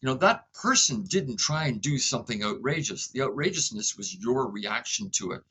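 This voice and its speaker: A man being interviewed as a guest, speaking in a calm, reflective way and sometimes acting out short dialogues between people. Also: mid-range voice, moderate pace, husky, poor audio. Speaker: inventor and guest. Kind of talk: conversational interview.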